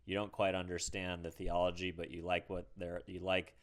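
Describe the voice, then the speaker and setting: Deep-voiced man hosting a faith talk. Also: monotone, normal speed. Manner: affirming, sums up the guest's points. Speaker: podcast host. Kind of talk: casual interview chat.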